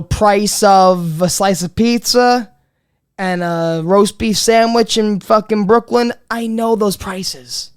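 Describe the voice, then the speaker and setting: A comedy podcast host, ranting in a profane, rambling way that swings between loud bits and muttered asides. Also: medium pitch, clean tone. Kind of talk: comedic rant.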